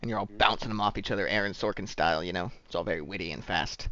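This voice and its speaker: A man's voice: deep voice, rapid-fire, pushed and bright, no room sound. A man running a tabletop role-playing game as dungeon master, talking casually with many fillers and joking swears. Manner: rambling, filler-heavy, swears when joking. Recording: dull lo-fi dry sound.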